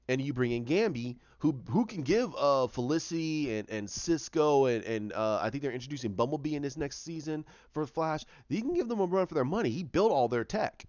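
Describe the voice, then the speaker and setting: A man's voice: on the high side, a little mellow, no room sound, muffled recording. A man talking casually and with strong opinions about TV shows, often repeating himself as he goes. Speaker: TV show reviewer.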